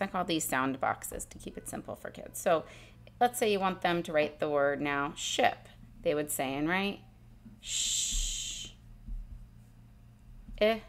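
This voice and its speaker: A woman teacher calmly explaining a spelling exercise step by step, sounding out letters and sounds as she goes. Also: lowish voice. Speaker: literacy teacher. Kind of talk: instructional demonstration.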